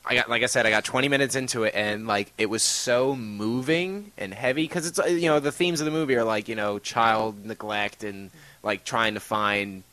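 A man hosting a podcast talks in a loose, rambling way, full of fillers and swearing. His voice has a bright, forward edge. It sounds close and dry, with no room around it. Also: on the low side, no room sound. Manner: rambling, profane, lots of fillers. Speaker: podcast host. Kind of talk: casual chat.

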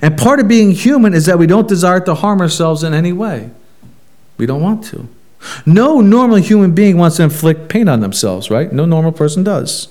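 A man's voice: sits high, big pitch swings, moderate pace, darkish tone. A man preaching a sermon as a pastor, emphatic and full of rhetorical questions.

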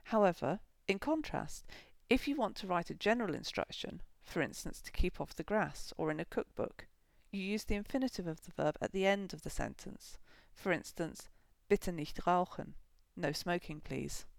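A woman hosting a podcast, giving a scripted, measured German grammar lesson. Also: fairly low pitch, expressive, no room sound. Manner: measured, clear explanatory delivery.

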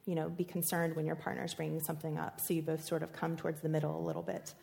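A woman with a slightly low voice teaching a class on relationships. She talks in a casual, chatty way, full of little fillers and restarts. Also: flat delivery, quick pace, creaky, dark tone. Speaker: workshop presenter.

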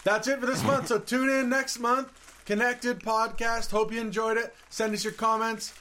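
A man's voice: very high-pitched, level tone, moderate pace, noisy background. A man joking around as a contestant on a casual podcast, then signing off the episode. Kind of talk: casual banter.

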